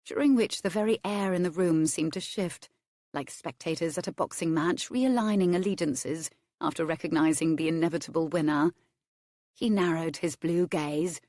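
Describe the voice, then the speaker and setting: Low-voiced woman narrating a romance. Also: a little mellow, no room sound, studio quality. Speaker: audiobook narrator.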